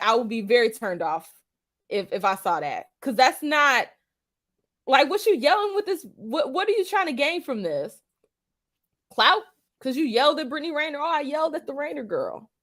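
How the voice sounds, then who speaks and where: A woman hosting casual opinion commentary, blunt and profane, heavy on slang and repeating her points for emphasis. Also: high voice. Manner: slang-heavy street talk. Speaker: commentary channel host.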